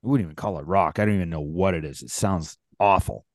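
Blunt low-voiced man. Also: quick pace, dry recording, clean studio sound. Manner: blunt, incredulous remarks. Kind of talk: casual chat.

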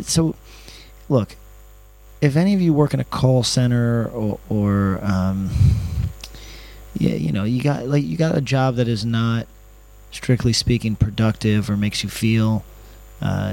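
A man's voice: lowish voice, gravelly, a little mellow, low-quality recording. A man talking in a casual, rambling monologue, sarcastic and profane, ranting as he tells a travel story from his hotel room. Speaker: travel vlogger.

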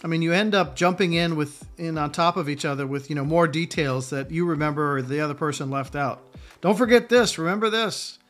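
Conversational preacher, fairly high-pitched man. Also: steady tone, fairly quick, hardly any pauses, a bit bright, faint music behind. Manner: conversational preaching with acted-out quotes. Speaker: pastor. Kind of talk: sermon.

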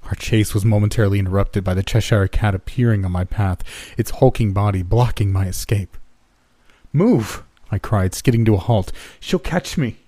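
A man reading a first-person horror story in a steady, measured scripted narration. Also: lowish voice, no room sound.

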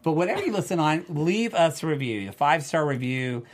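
A man's voice: fairly high pitch, lively intonation, brisk. A man co-hosting a casual fan after-show, joking and theatrical as he steers the talk. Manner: joking, theatrical, bouncy delivery. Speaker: podcast co-host. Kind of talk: casual fan panel chat.

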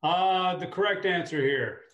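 A man hosting a casual fantasy sports chat, upbeat and talking his picks through out loud. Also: sits high, unhurried, reverberant, dull audio. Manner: upbeat, talks through a lineup aloud. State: clearing a tickle in his throat. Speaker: fantasy sports show host.

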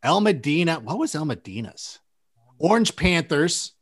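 A man's voice: a little high, very animated, a little slow, slightly rough. A man in his thirties from Southern California, chatting casually on a podcast and rambling with lots of "like" fillers. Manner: rambling, filler-heavy with many likes. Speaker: sports media guest.

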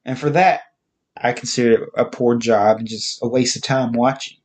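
A man giving a casual, halting spoken movie review, listing facts with frequent restarts. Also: mid-range voice, steady tone.

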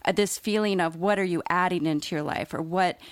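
Low-voiced woman, frank co-host. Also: brisk, clear, resonant tone, dry recording. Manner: reflective, frank, reaches for words. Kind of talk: casual conversation.

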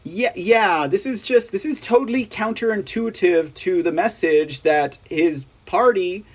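A Texan man with a husky, rather high voice hosts an opinionated news show. He reads out articles and breaks off into sarcastic, rambling asides, tagging his points with "right?". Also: measured pace. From Texas. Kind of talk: opinionated commentary reading news.

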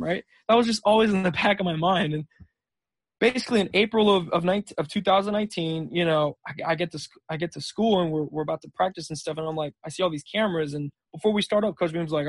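This podcast guest, a young man who plays junior college football, talks fast in a high-pitched voice with no echo. He's relaxed and casual, rambling through stories full of "dude" and "like".

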